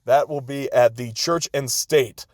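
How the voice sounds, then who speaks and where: A man's voice: mid-range voice, steady tone, measured pace, no room sound. An American man hosts his podcast, listing upcoming shows in an easygoing, chatty way. He chuckles often and drifts into short asides. His mid-range voice sounds close and dry, with no room sound at all. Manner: laid-back, chuckles often, brief asides. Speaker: podcast host. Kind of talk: casual show listings.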